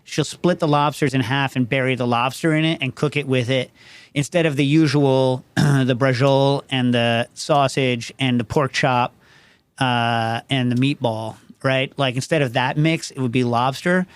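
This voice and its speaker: A man hosting a loose call-in show, talking in long digressive runs and checking in with "you know what I mean" every few sentences. His voice sits at an ordinary middle pitch. The recording is close and dry, with no room sound. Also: steady tone, normal speed, smooth, no echo. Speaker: show host. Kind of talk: casual call-in show chat.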